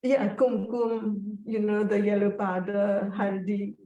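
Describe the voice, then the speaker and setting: Slow, mellow-voiced woman telling a story. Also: medium pitch, level tone, dull audio. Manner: slow, reflective, emotional storytelling. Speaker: interviewee. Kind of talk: personal storytelling in an interview. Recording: echoey room, voice from a distance.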